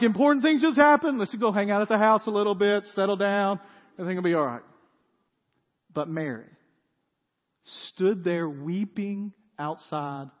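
Male pastor, casual sermon delivery, high pitch, dull lo-fi recording. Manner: conversational, asks the audience rhetorical questions. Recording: dull sound with long hall reverb.

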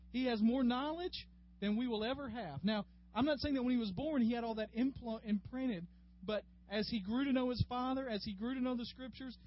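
Folksy man teaching a Bible class. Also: very high-pitched. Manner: folksy and chatty, addressing class members by name. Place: classroom with a group. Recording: dull lo-fi room recording with faint hum.

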